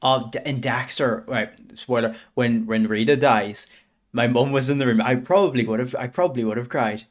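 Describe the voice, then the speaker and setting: A man's voice: mid-range voice, moderate pace. A man in his twenties chatting casually and hesitantly on a reaction stream. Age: 20s. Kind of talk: casual chat.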